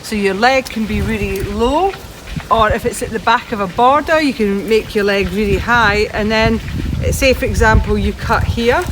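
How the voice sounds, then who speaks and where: A woman's voice: mid-range voice, normal speed. Chatty woman gardener outdoors, traffic behind. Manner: chatty and practical, talking while she cuts. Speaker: gardening presenter. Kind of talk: hands-on gardening demonstration. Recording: outdoor recording with traffic noise. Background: steady outdoor noise with passing traffic.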